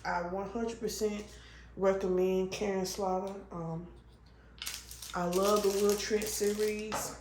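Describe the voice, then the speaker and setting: A woman's voice: mid-range voice, steady tone, takes it slowly, darkish tone. A woman chatting casually, rambling with frequent ums and restarts, coughing now and then. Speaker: vlogger. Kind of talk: casual chat while crafting. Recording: roomy room with faint noise.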